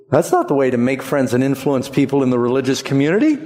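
Animated male preacher in a reverberant hall. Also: quick pace, hardly any pauses. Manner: animated, conversational, leaps up in pitch for emphasis. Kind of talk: sermon.

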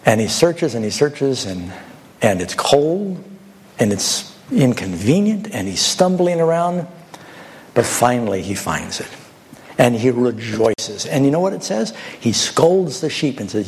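A man's voice: mid-range voice, very animated, a little slow, a little mellow. A man delivering a sermon in an ordinary mid-range voice, moving between storytelling and rhetorical questions put to his listeners. He builds scenes with short phrases and asks the congregation to weigh each point. A faint ambient noise sits under the recording. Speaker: preacher.

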